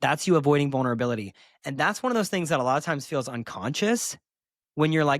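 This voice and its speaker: Man, podcast host and therapist, somewhat high voice, candid, emphatic, sassy asides, dry close sound. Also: expressive, fast, dry recording. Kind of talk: solo podcast talk.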